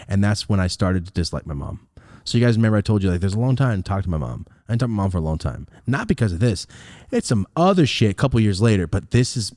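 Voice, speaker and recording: A young man hosting a podcast, telling a story in a casual, profane, animated way and acting out the scenes, on a close mic. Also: low voice, fast, dry recording. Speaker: podcast host.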